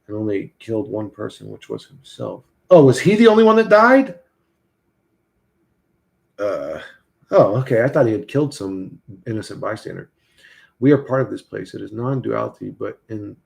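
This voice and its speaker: Gravelly-voiced man rambling on a stream. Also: lowish voice, normal speed, warm tone. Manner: rambling, profane, answers chat messages. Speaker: live streamer. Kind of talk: casual live-stream chat.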